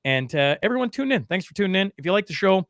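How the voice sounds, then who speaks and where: A man's voice: high voice, big pitch swings, fast talker, fairly bright tone, no echo, studio quality. A man hosting a podcast, telling a story in a casual, rambling way full of fillers and restarts. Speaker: podcast host.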